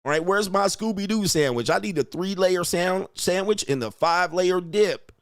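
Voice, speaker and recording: A man's voice: high voice, moderate pace, smooth, dry recording, clean studio sound. A man hosting a livestream as a coach, ranting in a profane, mocking way and laughing at his own jokes. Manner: profane, mocking, emphatic rant. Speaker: host, relationship coach. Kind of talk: livestream commentary rant.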